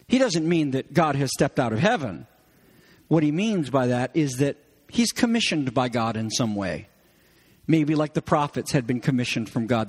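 A man's voice: high-pitched, breathy edge. A man preaching a sermon as a pastor, explaining scripture and rising emphatically on key phrases. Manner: expository teaching, rising emphatically on quoted lines.

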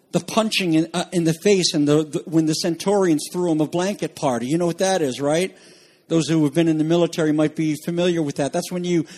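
A man preaching a sermon with passion, swinging between soaring shouts and hushed, low asides. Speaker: pastor.

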